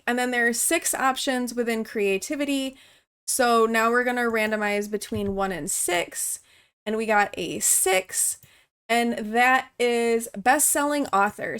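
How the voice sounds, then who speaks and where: A woman hosting a game video, chatting casually and explaining each step aloud as she plays. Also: a little high. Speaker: gaming channel host. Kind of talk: let's-play commentary.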